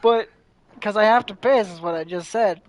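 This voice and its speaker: A man's voice: high voice, moderate pace, poor audio. A man streaming a game with a friend, talking in a laid-back, offhand, joking way. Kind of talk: casual gameplay chat.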